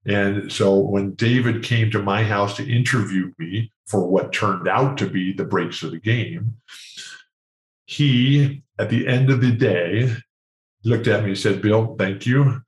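An older man telling a story as an interview guest, animated and acting out the people in it. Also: on the low side, unhurried. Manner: animated, acts out the people in his stories. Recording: roomy echo.

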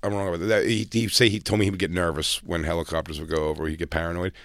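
Male comedy co-host, very deep voice, blunt and profane, dry studio sound. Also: flat delivery, fairly bright tone, no echo. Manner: blunt, profane, quick jokes. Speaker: podcast co-host. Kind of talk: casual comedic chat. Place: radio studio.

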